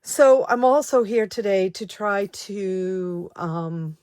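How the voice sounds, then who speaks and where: A woman in her sixties, a savings vlogger, who talks in a halting, reflective and emotional way, with many ums and restarts. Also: mid-range voice, animated, a little mellow, clear, resonant tone, no room sound, studio quality. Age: 60s. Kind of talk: personal vlog chat.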